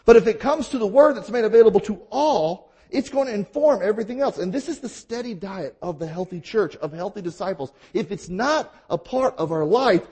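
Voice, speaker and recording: A man's voice: sits high, expressive, a little fast, hardly any pauses, darkish tone, slightly rough. A man preaching a sermon as a pastor, emphatic and full of rhetorical questions.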